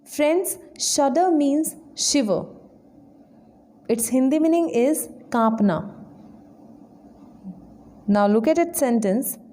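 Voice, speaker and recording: Slow, mellow woman teaching vocabulary. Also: sits high, lively intonation. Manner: slow, deliberate word-by-word explanation. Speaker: English trainer. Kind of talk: vocabulary lesson.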